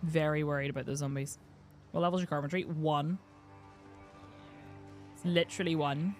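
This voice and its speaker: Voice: mid-range voice, steady tone, normal speed, long pauses, soft background music. A streamer from the UK giving wry, muttering running commentary while playing a game. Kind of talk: casual gameplay commentary.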